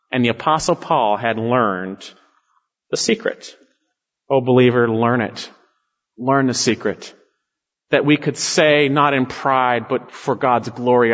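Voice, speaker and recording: A male pastor preaching a sermon with emphatic stresses, dropping low on key words. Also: fairly bright tone. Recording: long hall reverb, dull lo-fi sound.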